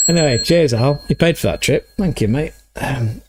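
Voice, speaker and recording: A man's voice: medium pitch, unhurried, noisy background. A man from England hosting a livestream, rambling through stories in a loose, sweary, casual chat. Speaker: livestream host.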